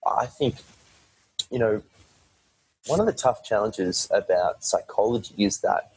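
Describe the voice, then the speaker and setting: A man's voice: fairly low pitch, animated, unhurried, a little mellow, slightly rough, dry recording, low-quality recording. A man talking as a podcast guest in a casual, rambling way, often restarting his sentences and swearing now and then. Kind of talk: casual conversation.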